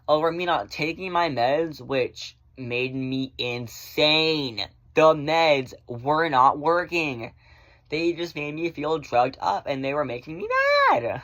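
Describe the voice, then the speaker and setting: A man chatting casually in a vlog, rambling through viewer questions and swearing freely, often in fast bursts. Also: on the high side, a bit bright. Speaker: vlogger answering viewer questions. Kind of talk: casual chat.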